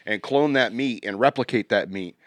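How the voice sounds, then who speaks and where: A man's voice: on the low side, moderate pace, a bit bright, no room sound. A man co-hosting a podcast in casual banter, rambling and joking, often trailing off and restarting. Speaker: podcast co-host.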